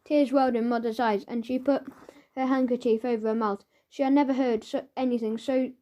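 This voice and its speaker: A woman narrates a children's audiobook in a playful, lively manner. She gives the sound effects their own little voice. Her tone is mellow and sits a little high. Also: brisk.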